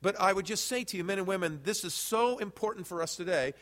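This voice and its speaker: A man's voice: high-pitched, fast talker, fairly bright tone. A man preaching a sermon as pastor, addressing the congregation directly and quizzing them with questions. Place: church sanctuary. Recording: long hall reverb from church sanctuary.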